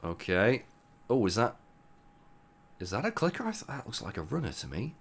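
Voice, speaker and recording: A young man commentates his game playthrough, groggy and rough-voiced from the morning. His voice sits low, but the pitch bounces animatedly as he wanders into chatty asides and corrects himself. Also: very animated, normal speed, slight background noise. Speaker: gaming YouTuber. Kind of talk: let's play commentary.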